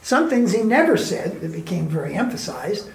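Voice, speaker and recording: His voice is high, creaky, and very animated, moving at a moderate pace. As an interviewed spiritual teacher, he tells candid, colloquial stories and keeps hitting listeners with emphatic rhetorical questions, all in an echoey room.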